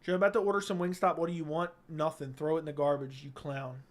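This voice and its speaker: Young male streamer, higher-pitched voice, laid-back and jokey, reading chat on a studio mic. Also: little pitch movement, fast talker. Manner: laid-back, reads chat aloud, joking. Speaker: livestream host. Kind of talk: casual livestream chat. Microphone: studio dynamic mic.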